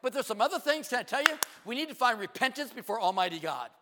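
A middle-aged man preaching a sermon, firing rhetorical questions and asides, sometimes dropping to a hush. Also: very high voice, very noisy. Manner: animated preaching with quick asides, rhetorical questions and hushed drops. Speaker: pastor. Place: church sanctuary. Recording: long reverb of a large hall.

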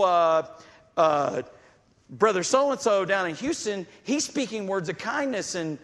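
A man's voice: high-pitched, expressive, slow pace, fairly bright tone, big-room sound. A man preaching a sermon, reading scripture aloud and acting out the voices he quotes with fervor.

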